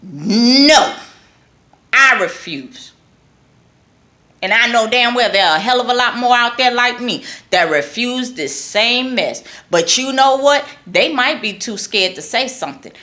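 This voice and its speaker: Fired-up New York woman, slow and bright. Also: on the high side, expressive. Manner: blunt, emphatic, repeats lines for emphasis. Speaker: vlogger. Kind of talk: impassioned political rant.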